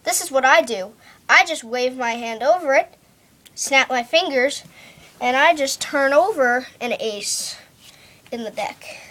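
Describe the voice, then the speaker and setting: A woman's voice: high-pitched, lively intonation, a little slow, fairly bright tone. A woman doing a boastful male magician. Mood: dismissive.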